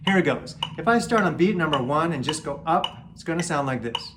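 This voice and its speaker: A man's voice: a little high, lively intonation, brisk. A man giving a casual guitar lesson, explaining an exercise and counting beats aloud as he plays. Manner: counts beats and chants "triplet" loudly over playing. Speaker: guitar teacher. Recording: guitar playing under the voice.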